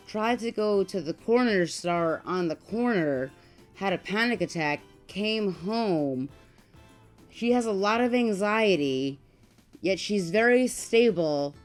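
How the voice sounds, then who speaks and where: A woman co-host reacts to clips in loud, blunt, opinionated chat, with her voice at a middle pitch. Faint music plays low behind her.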